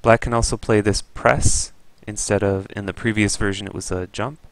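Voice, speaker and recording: A man's voice: fairly low pitch, fairly even intonation, normal speed, dry recording. A man giving an easygoing, explanatory review of a Go game as a teacher.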